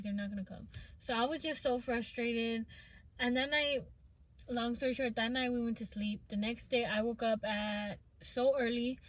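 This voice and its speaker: Chatty woman with a bright, high voice. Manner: chatty, rambling, many filler words. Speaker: vlogger. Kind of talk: casual storytime.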